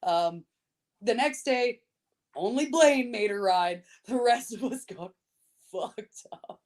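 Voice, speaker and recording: Brief: a woman guest with a fairly high voice. She's a blunt, foul-mouthed, animated storyteller. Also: slow. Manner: swears a lot, lively and laughing. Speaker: podcast guest. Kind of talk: casual storytelling chat.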